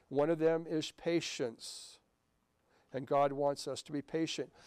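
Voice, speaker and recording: A middle-aged man preaches a sermon in a smooth, crisp voice that sits a little high for a man. He moves between an everyday story and scripture, with a short laugh now and then. The sound is dry and close. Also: a little mellow, no echo. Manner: conversational preaching with personal stories and scripture reading. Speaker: pastor.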